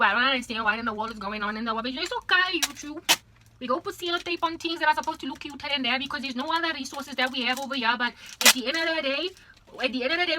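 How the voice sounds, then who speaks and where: Over background noise, a young South African woman with a high voice and a South African accent vlogs a repetitive, over-the-top ranting monologue that slips into Afrikaans.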